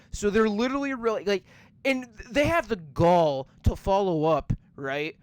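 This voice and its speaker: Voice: medium pitch, lively intonation, moderate pace, clear, resonant tone, no echo. Profane ranting podcast host, dry close mic. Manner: ranting, profane, rambling with many fillers. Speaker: podcast host reviewing movies. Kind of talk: casual podcast rant.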